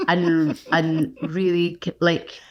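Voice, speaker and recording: A middle-aged Scottish woman, a guest actor, telling lively anecdotes in a casual podcast chat and laughing often. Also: lowish voice, highs cut off.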